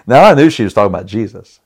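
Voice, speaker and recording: A man's voice: on the low side, fast, husky. Middle-aged guy on a podcast, telling a story all worked up, keeps restarting his sentences, laughs here and there. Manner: animated, dramatic retelling with restarts and chuckles. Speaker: podcast host. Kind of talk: personal storytelling.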